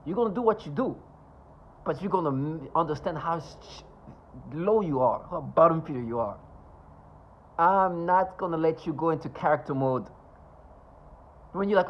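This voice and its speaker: A man's voice: on the high side, animated, slight background noise. Scornful man ranting, dull lo-fi sound. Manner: scornful, insulting, sarcastic; halting, with many restarts and asides. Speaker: vlogger. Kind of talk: rambling personal monologue.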